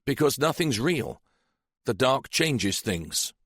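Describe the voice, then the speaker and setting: A man's voice: mid-range voice, very animated, slow, fairly bright tone, no echo, studio quality, voice pushed up, heavily acted. A man voicing a wary young detective constable, blunt and sardonic.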